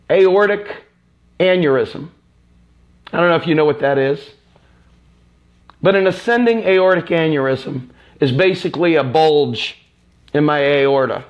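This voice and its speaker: A man's voice: fairly high pitch, muffled recording. A man from the United States hosting a live stream. He delivers an impassioned, angry political rant that is repetitive and profane.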